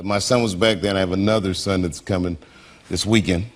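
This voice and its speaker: A man's voice: sits low, brisk. A man telling stories as a comedian, on stage and in talk-show chats, laughing often and slipping into quoted dialogue. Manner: laughing, animated storyteller who breaks into quoted dialogue. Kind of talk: stand-up and talk-show storytelling. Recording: noisy compilation clip.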